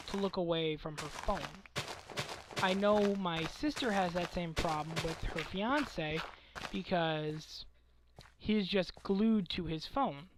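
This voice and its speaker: A young man with a scratchy, hoarse voice from a cold, rambling and ranting casually over a game he is playing, often correcting himself. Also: high-pitched. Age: young adult. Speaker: let's play commentator. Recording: faint background noise.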